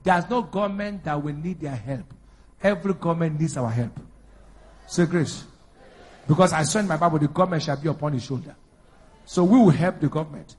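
A pastor preaching a sermon in a high, husky voice. He calls out questions for the congregation to answer and swells into loud, emphatic declarations. His delivery moves between quiet asides and forceful preaching. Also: a little fast, pauses often. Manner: preaching with call-and-response, rising to loud emphatic bursts.

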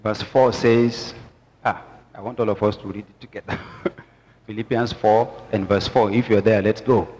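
A man's voice: on the low side, steady tone, normal speed, darkish tone, slight background noise. A man preaching a sermon with emphatic call-and-response to the congregation. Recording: long church reverb with music.

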